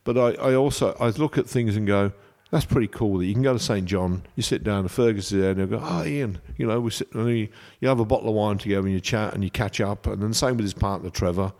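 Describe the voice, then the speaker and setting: A man's voice: on the low side, fast, few pauses. A man, a chef, chatting casually and telling rambling anecdotes. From England. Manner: rambling, anecdotal, animated storytelling. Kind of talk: casual chat.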